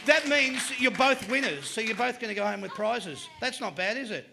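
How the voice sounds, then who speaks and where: A man's voice: very high-pitched, lively intonation, normal speed, vocal fry, crowd noise, noisy background. A man with an Australian accent hosting a live panel show, running a quiz with upbeat jokes. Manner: upbeat, joking quizmaster. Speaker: host. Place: live venue.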